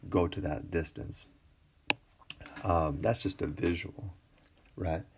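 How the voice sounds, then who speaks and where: A man teaching an English class in a screencast lecture, relaxed and full of fillers and restarts. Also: deep voice, husky. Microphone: tablet recording.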